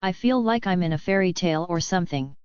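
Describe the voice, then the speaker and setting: A woman's voice: lowish voice, expressive, fast, darkish tone, smooth, no echo, close to an everyday voice. A woman reading a hero's girlfriend. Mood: casual. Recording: dull lo-fi audiobook recording.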